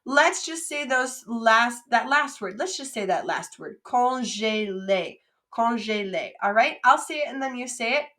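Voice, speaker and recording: A woman teaching French vocabulary, modeling each word slowly and clearly, repeating it for students to say after her. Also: mid-range voice, bright, forceful tone.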